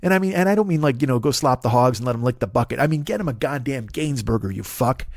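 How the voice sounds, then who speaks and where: A man's voice: mid-range voice, lively intonation, fast, a little mellow, no echo. Man in his forties, swearing comedy rant, mocking impressions, dry close sound. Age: 40s. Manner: swearing, ranting, mocking voices. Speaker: comedian podcast host.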